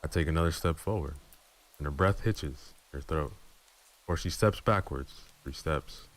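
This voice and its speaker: A man reading a dramatic story aloud in a low, slow, intimate manner. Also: a little hiss or hum. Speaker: storyteller streamer. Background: background music and rain.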